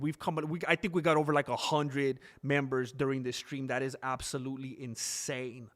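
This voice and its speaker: A man hosting a live stream, reacting to a fight broadcast in a chatty, excitable, joking way and talking straight to his viewers. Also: medium pitch, normal speed, few pauses. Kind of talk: casual live-stream commentary.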